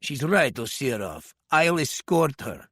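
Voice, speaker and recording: A man voicing a dangerous young killer who speaks softly, slowly and coldly. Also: mid-range voice, very animated, vocal fry, no echo, clean studio sound, full character voice. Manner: soft, slow, cold. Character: quiet, dangerous young Russian hitman.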